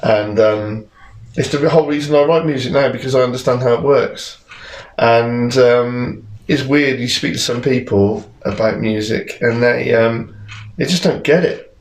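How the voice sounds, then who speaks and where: A man's voice: medium pitch, a little slow. A young man, a musician guest, telling candid, rambling stories in casual podcast chat and swearing freely. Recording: roomy echo.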